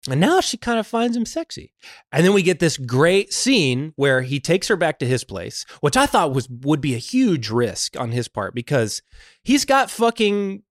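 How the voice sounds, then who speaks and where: Podcast co-host, male, lively up-and-down delivery, fairly high voice, dry close-mic sound, casual and profane. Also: normal speed, dry recording. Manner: animated, swears freely while retelling plot. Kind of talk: casual movie recap chat.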